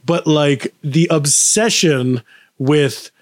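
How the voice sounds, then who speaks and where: A man's voice: fairly high pitch, extremely slow, no room sound, studio quality. A man in casual podcast chat, telling rambling anecdotes and quoting people in put-on voices. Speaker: podcast co-host.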